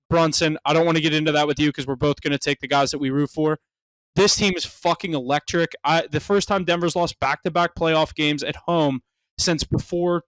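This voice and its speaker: Excitable cursing sports podcast host. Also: male voice, on the high side, no echo, low-quality recording. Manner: excitable, swears freely, rambling restarts. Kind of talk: casual sports podcast chat.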